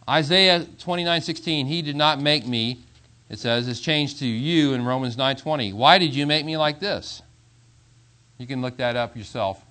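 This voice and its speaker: A pastor teaching a Bible class in a conversational lecture style, repeating himself, restarting phrases and chuckling now and then. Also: male voice, medium pitch, a bit bright.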